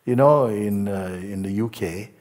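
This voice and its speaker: Man, spiritual teacher at a live satsang, deep-ish voice, teasing and chuckling, slips into mock voices. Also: moderate pace, a little mellow. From Jamaica. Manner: playful, laughing often, mimics other people's talk.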